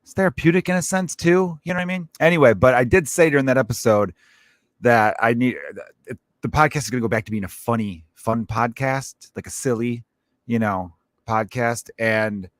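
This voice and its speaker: A man's voice: fairly low pitch, dry recording. A man hosting his own comedy podcast, ranting casually with lots of swearing and rambling asides. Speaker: podcast host.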